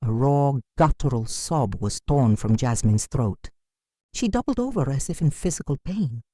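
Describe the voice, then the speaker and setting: A woman narrating a dramatic first-person story, measured, calm and firm. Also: a bass voice, slightly rough, no room sound, clean studio sound.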